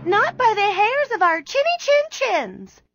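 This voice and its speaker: A woman voicing the little pigs shouting back together in a storybook reading. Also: very high-pitched, wildly swooping pitch, measured pace, vocal fry, background noise, pitched above the performer's own voice, full character voice. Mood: defiant. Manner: shouting in unison. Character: little pigs in chorus, defiant. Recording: slightly dull recording with music behind.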